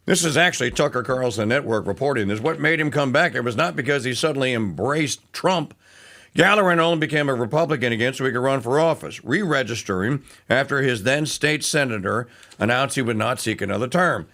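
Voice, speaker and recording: A man's voice: medium pitch, brisk, fairly bright tone. A man hosting a talk radio show, delivering a sarcastic, rambling monologue full of restarts and fillers.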